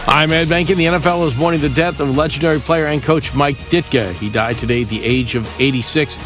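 Fast-talking sports news guy reading headlines, bit higher voice, light music under him. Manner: brisk newsreader delivery. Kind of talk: scripted news bulletin.

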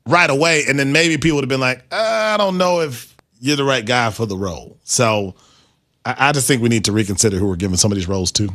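Stammering bright-voiced male radio host. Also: medium pitch, expressive. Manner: halting, repeats words, self-mocking. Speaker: radio sports show host. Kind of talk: casual sports radio chat.

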